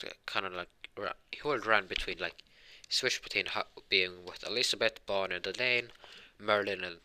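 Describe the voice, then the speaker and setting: A man's voice: low voice, pushed and bright. A man telling a fan fiction story casually, rambling and correcting himself as he goes.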